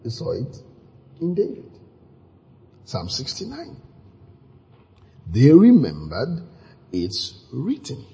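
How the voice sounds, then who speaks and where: A man preaching a sermon, animated and acting out scenes with sudden exclamations, his voice very husky. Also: medium pitch, slow pace, long pauses.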